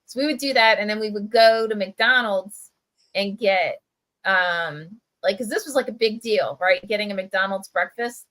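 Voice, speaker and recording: Bright-voiced chatty woman telling a story. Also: medium pitch, normal speed, poor audio. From Camden, New Jersey. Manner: chatty, lots of "like" and "right?". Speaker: press editor. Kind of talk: casual livestream storytelling. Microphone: video call.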